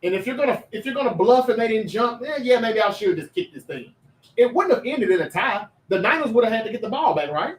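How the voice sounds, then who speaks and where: Animated high-voiced man talking sports. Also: fast, reverberant, recorded from a distance, poor audio. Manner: animated, chatty, reads viewer comments aloud and addresses chat directly. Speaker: host of a sports talk livestream. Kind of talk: casual livestream sports talk.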